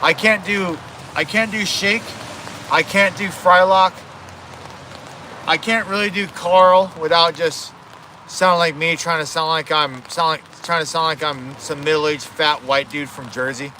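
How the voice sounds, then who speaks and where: A man's voice: on the high side, fairly even intonation, unhurried, pushed and bright, a little hiss or hum. A man chatting casually on a livestream, rambling, correcting himself and swearing, outdoors at home.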